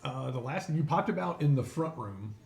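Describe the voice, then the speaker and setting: Casual male game master, mellow and roomy. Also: medium pitch, animated, vocal fry. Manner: casual, halting narration with fillers and restarts. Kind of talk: narrating a tabletop game.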